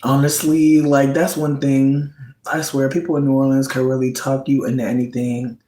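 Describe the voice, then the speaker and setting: A man chatting casually, gossiping about reality TV in a slangy, campy style. His voice swings into high squeals when he quotes reactions. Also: little pitch movement, normal speed, mellow, reverberant, low-quality recording. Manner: slangy, campy storytelling with frequent "bitch" and "like". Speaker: vlogger.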